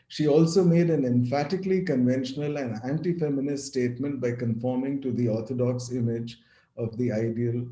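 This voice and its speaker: Low, mellow male lecturer in an echoey room. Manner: measured, reads quotations with some restarts. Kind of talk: academic lecture, partly read. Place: room, speaking over video call. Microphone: video call.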